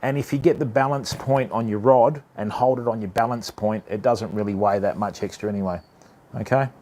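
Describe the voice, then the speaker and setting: A man's voice: lowish voice, a little fast, dark tone. A man hosting a casual fishing livestream, chatting with viewers and calling them mate. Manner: chatty, matey, addresses chat as mate and fam. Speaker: livestream host of a fishing channel.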